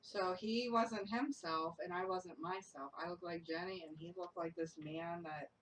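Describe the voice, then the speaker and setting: A young woman recounts a ghost hunt to friends, lively and quick to laugh, slipping into the voices of the people in her story. Her voice sits a little low, and she is picked up from a distance with a faint hiss under it. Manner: lively storyteller, laughs often, acts out quotes. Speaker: paranormal investigator. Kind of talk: casual group chat, telling a ghost story. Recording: distant mic with faint noise.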